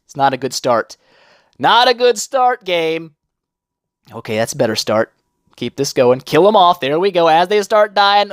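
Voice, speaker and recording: Excitable, animated man narrating gameplay. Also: a little high, no room sound, clean studio sound. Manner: excitable, jokey, reacts aloud to every turn. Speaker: mobile game video host. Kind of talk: casual gameplay commentary.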